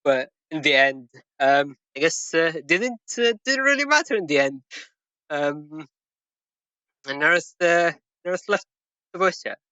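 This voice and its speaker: A man's voice: a little high, lively intonation, a little slow, sharp tone, smooth, dry recording. A man hosting a game tournament stream and explaining his own match, laughing often as he talks. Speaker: tournament player and stream host. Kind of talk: casual esports commentary.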